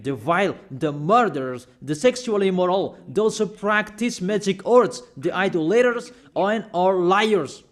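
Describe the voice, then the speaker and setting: High-voiced man preaching emphatically. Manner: emphatic, repetitive preaching, reads out verses. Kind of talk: sermon.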